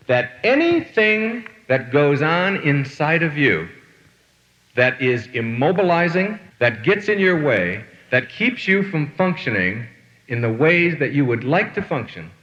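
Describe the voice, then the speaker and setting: Animated man giving a motivational lecture. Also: a little high, big-room sound, highs cut off. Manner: storytelling with rhetorical questions. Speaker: motivational speaker. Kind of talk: lecture to an audience.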